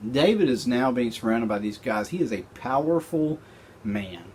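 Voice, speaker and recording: Man, Bible study teacher, recorded lesson, animated casual retelling, mid-pitched voice. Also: normal speed, a little hiss or hum.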